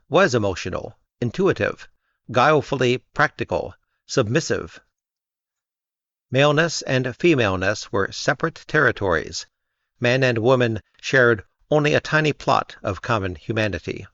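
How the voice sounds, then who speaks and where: A man reading an essay aloud in a measured, even narration. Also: mid-range voice, gravelly, no room sound. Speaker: reader. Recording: dull lo-fi dry recording.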